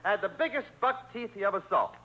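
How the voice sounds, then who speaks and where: A male guest on an old radio comedy show, delivering breezy jokes in a fairly high voice. The recording is dull and muffled. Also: animated, fast. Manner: breezy joke-telling. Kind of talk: comic banter.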